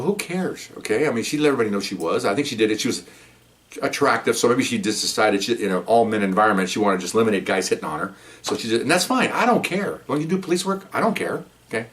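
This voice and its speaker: A man's voice: lowish voice, fairly bright tone. An older man, a veteran police officer, telling a story in a casual, rambling way, with restarts and "okay?" asides.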